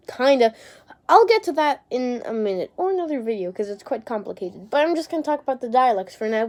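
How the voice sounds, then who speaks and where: A woman's voice: a little high, a little mellow. A young woman talking casually to camera, rambling and unsure, with casual swearing and lots of fillers. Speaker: vlogger.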